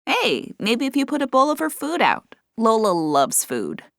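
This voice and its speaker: A woman's voice: a little high, huge pitch swings, a little slow, gravelly, a bit bright, no echo, studio quality, voice pushed up, heavily acted. A woman voicing an emotional small female black cat in an audiobook, given to dramatic sobbing and wailing. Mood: worried.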